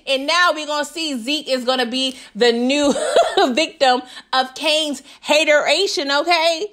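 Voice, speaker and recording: A woman with a fairly high voice runs through a TV episode in a loose, chatty recap. She laughs often and slips into quick voices for the characters. She keeps checking in with her listeners. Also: a bit bright. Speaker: TV recap vlogger. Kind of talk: casual show recap.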